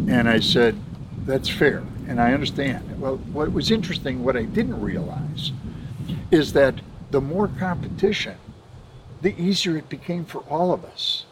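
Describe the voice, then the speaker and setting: A man's voice: mid-range voice, background noise. An older man, a benefits administrator, telling stories from his career in a casual interview, quoting people and chuckling along the way. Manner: anecdotal, chuckles often, quotes others in dialogue.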